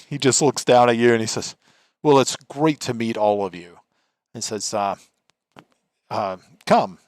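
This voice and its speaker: A man's voice: on the low side, no room sound, clean studio sound. A man narrating as game master of a tabletop game, hesitant and full of fillers.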